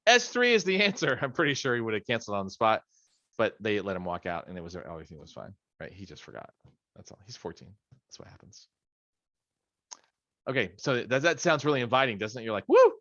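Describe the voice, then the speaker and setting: A man's voice: lowish voice, animated, a little fast, bright, forceful tone, no room sound, highs cut off. A middle-aged man leading a study session on a video call from his home office, in a casual, rambling way with joking asides. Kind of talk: casual training talk.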